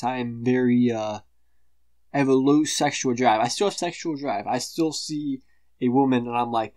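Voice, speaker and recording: A man delivers a rambling, profane rant, blunt and defensive. His voice sits at an ordinary middle pitch. It is recorded dry and close, with no room tone. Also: moderate pace, a little mellow, dry recording. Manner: swears constantly. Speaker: vlogger.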